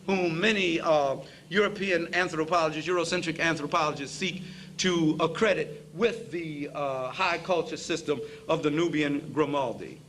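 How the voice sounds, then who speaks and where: Calling his listeners brothers and sisters, a man gives an emphatic, preacher-style lecture, repeating phrases to drive his points home. His voice is a little high and a bit bright, at a moderate pace, and the recording catches him away from the mic in a roomy hall with faint hiss.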